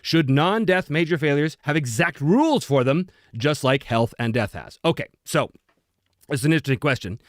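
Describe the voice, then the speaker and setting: A man hosting a live Q&A stream, his voice sitting somewhat high and swinging widely in pitch as he chats with viewers. The sound is close and dry, and his manner is chatty and self-deprecating. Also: expressive, moderate pace, no echo. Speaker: host.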